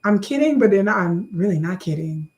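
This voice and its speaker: A woman talking casually to her own channel's viewers, sassy and joking, repeating herself and jumping high when she gets worked up. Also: animated, moderate pace, darkish tone. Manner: sassy, joking, loose and repetitive. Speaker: YouTube creator. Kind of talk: casual chat to camera.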